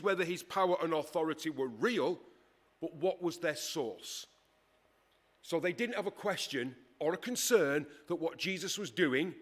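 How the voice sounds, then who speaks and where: Emphatic man preaching a sermon. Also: fairly high pitch. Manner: conversational, emphatic, with dramatic pauses and acted quotes.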